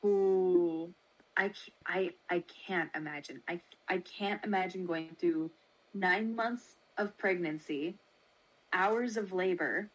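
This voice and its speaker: A woman co-hosting a casual podcast, reacting with shocked exclamations and free swearing. Her voice sits at a middle pitch. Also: low-quality recording. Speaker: podcast co-host. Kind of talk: casual chat.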